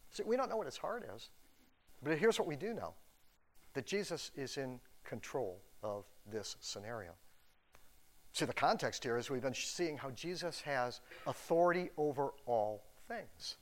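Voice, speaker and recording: A man's voice: medium pitch, animated, moderate pace. A middle-aged man preaching a sermon in a loose, conversational way, full of restarts and joking asides. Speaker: pastor.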